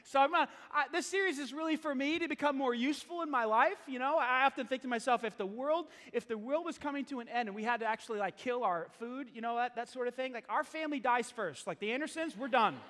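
A man's voice: very high voice, quick pace, few pauses, a bit bright. A male pastor preaching a sermon, telling self-deprecating stories in a chatty way with laughs. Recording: hall reverb.

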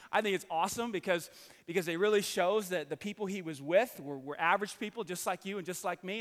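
A male preacher with a very high-pitched voice talks through a sermon in an animated, conversational way, tossing in light asides. His words trail off into a long reverb from the hall. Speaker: pastor.

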